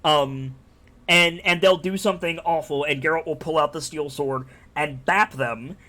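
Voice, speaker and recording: Rambling, fast-swearing man chatting on stream. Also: fairly high pitch, sharp tone. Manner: rambling, enthusiastic, swears freely. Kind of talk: casual chat.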